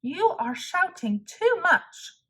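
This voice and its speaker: A calm, wise male frog from a storybook gives gentle, reassuring advice, as a woman reading aloud puts him on. His voice sits high and moves slowly and kindly. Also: heavily acted.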